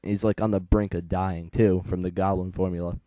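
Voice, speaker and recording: A man's voice: sits low, little pitch movement, normal speed, mellow, dry recording. A young man in his late teens, chatting casually as he reviews a comic book and retells its plot in a rambling, digressive way.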